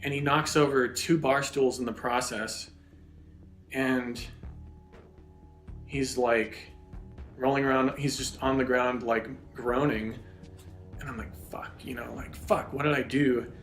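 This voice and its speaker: A man's voice: medium pitch, fairly even intonation, slow, long pauses, fairly bright tone. Young guy for a personal story: rambling, swears a lot, self-mocking, echoey room with faint music under him. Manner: rambling, profane, self-deprecating. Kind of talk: casual spoken storytelling.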